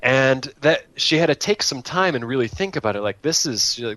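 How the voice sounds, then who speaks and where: A man's voice: medium pitch, expressive, brisk, a bit bright. A man co-hosting a podcast in casual chat, laughing often and tripping over his words as he tells stories. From United States. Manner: chatty, laughs often, stumbles and repeats words. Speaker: podcast co-host.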